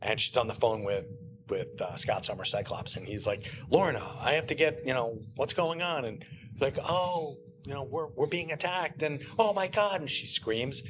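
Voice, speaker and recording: A man guesting on a podcast, telling stories in animated casual chat and acting out the lines he quotes. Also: medium pitch, normal speed, background noise. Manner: animated storyteller who acts out quoted lines. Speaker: guest, comic book writer.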